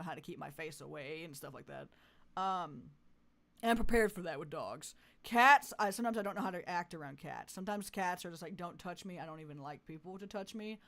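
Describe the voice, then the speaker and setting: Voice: medium pitch, fairly bright tone. A live-streamer chatting casually and rambling, with lots of fillers and frequent laughs. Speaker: livestreamer.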